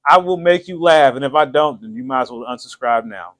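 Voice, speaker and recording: A man hosting his own channel, telling a story in a casual, animated, slangy way and laughing often. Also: mid-range voice, brisk. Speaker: channel host.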